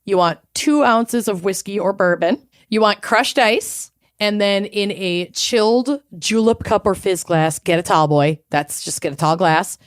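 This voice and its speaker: Brief: young woman, podcast co-host, loose rambling chat, high and giggly. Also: a little slow, few pauses. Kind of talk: casual chat.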